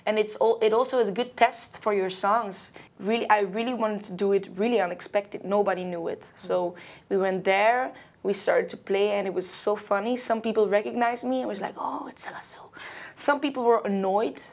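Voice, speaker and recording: A woman's voice: medium pitch, fairly even intonation, moderate pace. A young woman from Belgium, a singer talking casually in an interview, loose and chatty with many fillers and small slips. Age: young adult.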